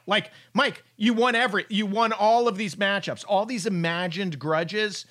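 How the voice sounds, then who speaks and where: A man's voice: sits high, steady tone, normal speed, few pauses, a bit bright. A man hosting a casual sports chat, riffing with profane, sarcastic humor.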